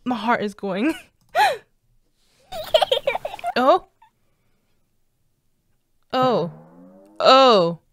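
A woman's voice: on the high side, big pitch swings, very slow, pauses often, very noisy. A young Scottish woman streaming her reactions to scary videos, swearing, screaming and laughing at the scares. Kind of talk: casual reaction commentary.

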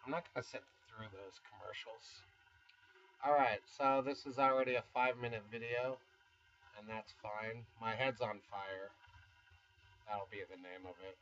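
A man's voice: fairly low pitch, normal speed, fairly bright tone, dull audio, a little hiss or hum. A man in his fifties from the United States, rambling casually and self-deprecatingly in a vlog, with chuckling asides. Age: 50s. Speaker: YouTuber. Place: home studio.

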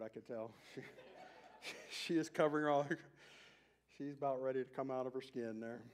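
A male pastor preaching a sermon, emphatic and building in intensity, with chatty asides to his congregation. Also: sits high. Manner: emphatic, rising to near-shouts on key points. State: out of breath.

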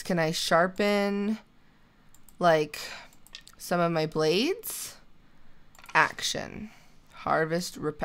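A young woman giving casual let's-play commentary, thinking out loud as she plays and chatting to her character. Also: deep voice. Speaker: gaming channel host.

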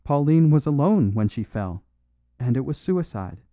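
A man voicing an impatient, forceful male detective, insistent in tone, on a dry, phone-like recording. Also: mid-range voice, expressive, measured pace, no room sound, close to an everyday voice. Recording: dry phone-like narrow sound.

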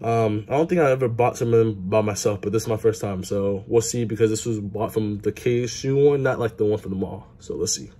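A man chatting casually to his camera as a vlogger, an excitable sports fan who swears freely and talks with his mouth full. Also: lowish voice, brisk, few pauses.

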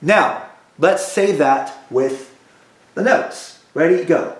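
A music teacher drilling students through call-and-response practice, patient and repetitive. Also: male voice, fairly high pitch, big pitch swings, slow pace, echoey room. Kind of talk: recorded music lesson for students.

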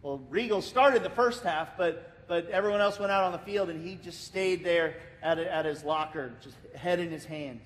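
High-voiced American pastor preaching. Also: male voice, moderate pace, few pauses. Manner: frequent repeated words and restarts; lively storytelling, acting out the people in it. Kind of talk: sermon. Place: church sanctuary. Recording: reverberant church hall, faint rumble.

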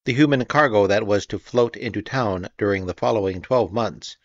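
A man reads a history audiobook in a measured, slightly wry way. His voice sits low, with a dry, close sound. The recording is a little dull and muffled. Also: no room sound. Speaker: audiobook narrator. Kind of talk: scripted narration.

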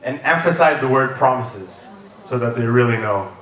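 A man's voice: medium pitch, animated, moderate pace, a bit bright. Guy preaching at church, chatty, keeps asking right? amen?, sounds far off in a big echoey room. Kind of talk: sermon. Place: church service.

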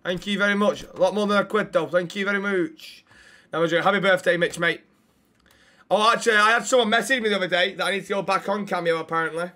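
A man streaming a police role-play game, loud and cheeky, swearing freely and reading out chat shout-outs. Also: high-pitched, steady tone, quick pace. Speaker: streamer playing a police officer.

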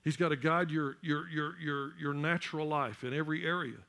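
A man delivers a church sermon in a high, sharp, forceful voice. He builds steadily to loud, emphatic peaks and often repeats a word while reaching for the next. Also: brisk, gravelly. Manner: repeats words while searching for the next one. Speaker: pastor.

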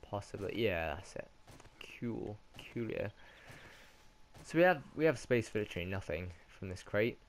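A man's voice: lowish voice, sing-song, moderate pace, slight background noise. A man with a British accent giving casual let's-play commentary, rambling and correcting himself as he goes. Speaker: gaming commentator.

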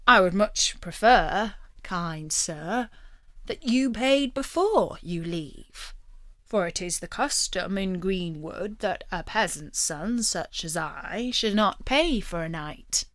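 A woman voicing a bold, courteous male outlaw leader in a read-aloud storybook, in a measured, gracious way. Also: medium pitch, animated, a bit bright, dry recording, studio quality.

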